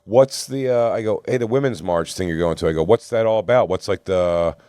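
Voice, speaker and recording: Profane storytelling man, low voice. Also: quick pace, smooth, no room sound, clean studio sound. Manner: rambling, profane, animated quoting of others. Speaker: podcast co-host. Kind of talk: casual storytelling among friends.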